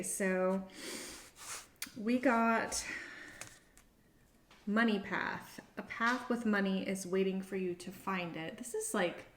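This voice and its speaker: A woman's voice: mid-range voice, a little hiss or hum. A middle-aged woman talks through a tarot spread in a loose, chatty way, musing aloud as she goes. The room around her gives her voice a noticeable echo. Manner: chatty and meandering, thinking aloud. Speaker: tarot reader. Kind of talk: casual tarot reading to camera. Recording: roomy echo.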